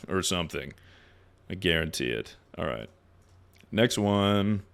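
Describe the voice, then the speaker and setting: A man's voice: low voice, sing-song, normal speed, creaky, long pauses, a bit bright. A young man streaming live, giving loose advice to his chat in a joking, rambling way with plenty of swearing. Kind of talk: casual livestream chat.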